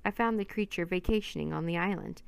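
Woman reading as a polite friendly scientist guy, low and a bit gravelly. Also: fast, no room sound.

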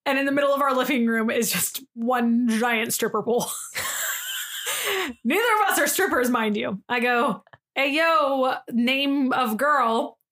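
A young woman co-hosts a podcast and spins a story in casual chat. Her voice sits a little high, and she is animated, laughing often and putting on voices for the people in her tale. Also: a little slow. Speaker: podcast co-host.

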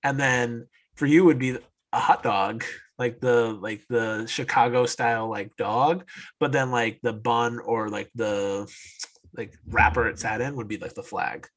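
A man's voice: mid-range voice, fairly even intonation, measured pace, fairly bright tone, low-quality recording. A man from upstate New York co-hosting a podcast, rambling casually with many restarts and fillers. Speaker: podcast co-host. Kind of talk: casual chat.

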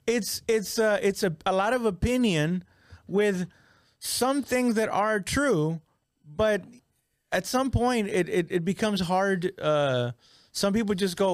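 A man with a fairly high voice rambling through a casual podcast chat, restarting often and cracking profane jokes. The recording is close and dry. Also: measured pace, dry recording. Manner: rambling, many restarts and fillers, swears, joking.

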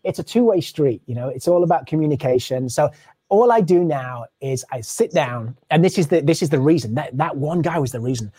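A man with a somewhat high voice tells a story about his work as a touring drummer. He speaks in a loose, conversational way and mimics the people he quotes as he goes. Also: fairly quick, husky. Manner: animated, acts out the people he quotes. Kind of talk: casual storytelling in an interview.

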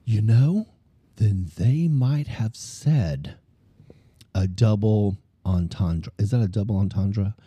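A man with a Cajun Louisiana accent hosting a casual podcast chat, animated and talkative. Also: fairly low pitch, slow pace, slightly rough, no echo. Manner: animated, chatty, talks with his hands. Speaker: podcast host.

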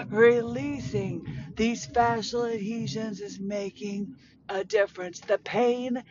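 A woman in her forties with a hoarse, strained voice, excitedly rambling through a casual personal update. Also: mid-range voice, dull audio, slight background noise. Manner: excited, rambling, breathless enthusiasm. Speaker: podcast host.

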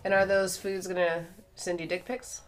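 A woman's voice: lowish voice, little pitch movement, normal speed. A woman guesting on a comedy podcast, teasing the others and laughing often in casual banter.

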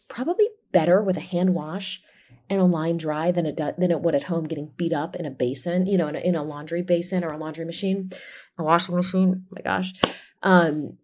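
A woman's voice: lowish voice, a little mellow. A woman in her thirties hosting a solo podcast, chatting casually and enthusiastically with frequent fillers and restarts. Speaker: podcast host.

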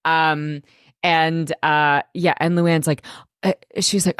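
Podcast co-host: a woman with a lowish, dry, close voice, chatty, mimics people as she recaps. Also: takes it slowly, no echo. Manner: animated, acts out quotes in mocking voices. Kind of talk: casual chat recapping a reality show.

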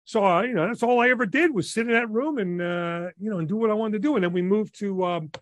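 A man in his sixties from New Jersey, a radio DJ telling stories in an enthusiastic, animated way as a podcast guest. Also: sits high, quick pace, no room sound. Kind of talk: casual interview storytelling.

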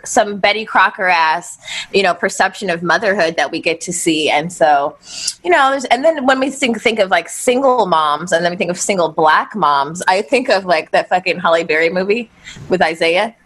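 A woman in loose podcast chat, telling a story and acting out the voices of the people in it. She laughs often and swears freely. Her voice is of middle pitch and swoops high when she quotes. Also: expressive, moderate pace, fairly bright tone. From the Valley. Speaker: podcast guest, co-host of a moms podcast. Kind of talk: casual chat.

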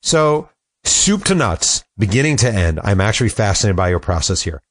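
A man's voice: lowish voice, sing-song, normal speed, dry recording. A man hosting an interview, asking curious, blunt questions. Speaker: interviewer, host.

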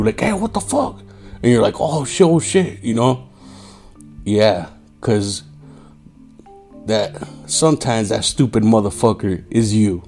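A man's voice: lowish voice, darkish tone. A tired man hosting a casual solo podcast, profane and streetwise, saying "yo" a lot. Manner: profane, streetwise, says "yo" often; mimics angry drivers in raised voice. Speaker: podcast host.

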